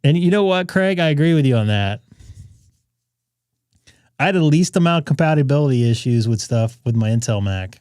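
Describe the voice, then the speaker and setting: A man's voice: medium pitch, animated, a little fast, long pauses, a little mellow, smooth, dry recording, studio quality. A man hosting a ham radio live stream, chatting casually and rambling in asides to his viewers.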